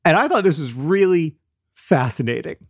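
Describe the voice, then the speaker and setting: A man's voice: a little high, big pitch swings, normal speed, no room sound, clean studio sound. Wry man reading listener mail. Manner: wry, storytelling, reads listener mail aloud. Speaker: podcast co-host. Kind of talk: casual chat.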